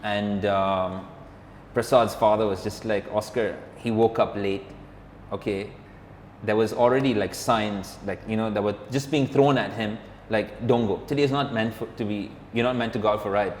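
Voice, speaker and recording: A man's voice: on the low side, fairly even intonation, moderate pace, darkish tone. A man telling a story in a casual, rambling chat, filling his talk with "like" and "or whatever" and acting out what others said. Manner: rambling, filler-heavy, acts out quoted dialogue. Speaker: podcast co-host, motorcyclist. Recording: roomy, reverberant room with faint background hum.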